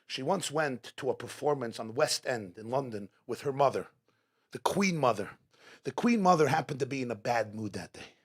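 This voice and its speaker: A man's voice: mid-range voice, animated, moderate pace, slightly rough. A man speaking as guest speaker at a live religious gathering, delivering a dramatic inspirational talk full of repeated rhetorical questions. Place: event hall, live before an audience.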